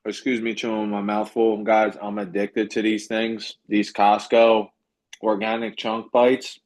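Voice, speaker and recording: Emphatic, lower-voiced male business coach. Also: unhurried. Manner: emphatic, repetitive, animated. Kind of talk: motivational coaching on a group call. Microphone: video call.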